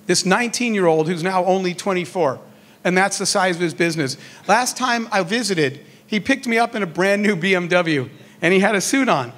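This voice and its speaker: A middle-aged man with a notably high voice for a man delivers a motivational speech. He tells his stories in a lively way and plays out each exchange of dialogue. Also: a little fast. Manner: animated storyteller acting out dialogue. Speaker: keynote speaker on entrepreneurship.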